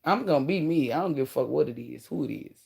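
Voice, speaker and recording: Woman in her 30s talking straight to the camera, blunt and slangy, cusses a lot, real animated. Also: deep voice, fast, gravelly, breathy edge. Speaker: vlogger giving relationship advice. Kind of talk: casual advice monologue to viewers.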